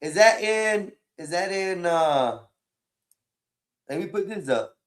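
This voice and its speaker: High-voiced preachy livestream host. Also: male voice, expressive, takes it slowly. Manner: preachy, scolding, emphatic with repeated words. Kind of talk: casual livestream talk.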